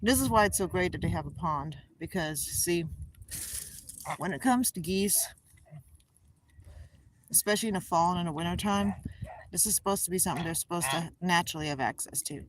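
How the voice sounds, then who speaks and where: A woman filming her geese by a pond outdoors, explaining things plainly and cooing to the birds in high baby talk. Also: lively intonation, fairly quick, pauses often, low-quality recording. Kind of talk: casual vlog talking to pets. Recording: loud outdoor background noise. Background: animal sounds and outdoor noise.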